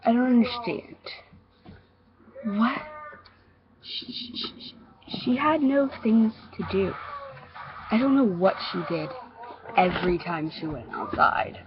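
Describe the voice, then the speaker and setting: A woman narrating a first-person creepy story in a hesitant, halting way, in a dull lo-fi recording. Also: on the high side, a crowd in the background. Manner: hesitant, halting, with repeated restarts.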